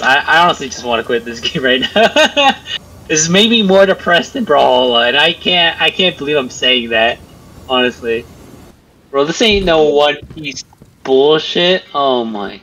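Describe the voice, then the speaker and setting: Young male gamer, slightly high voice, frustrated and swearing, casual commentary. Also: expressive, moderate pace, fairly bright tone, poor audio. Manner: exasperated, confused, swears a lot.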